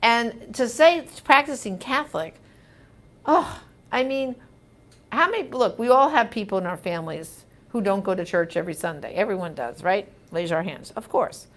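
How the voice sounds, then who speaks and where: A woman's voice: medium pitch, lively intonation, moderate pace, fairly bright tone. A woman hosting a live show, reading viewer comments and answering them in an emphatic, conversational way.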